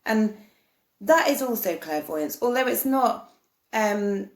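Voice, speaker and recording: A woman talks earnestly to camera about spiritual matters, wandering from thought to thought and restarting her sentences. Her voice sits at an ordinary middle pitch. The room around her gives the sound a noticeable echo. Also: animated, takes it slowly. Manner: earnest, meandering, many restarts. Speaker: spiritual vlogger. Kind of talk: casual spoken explanation to camera. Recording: roomy echo.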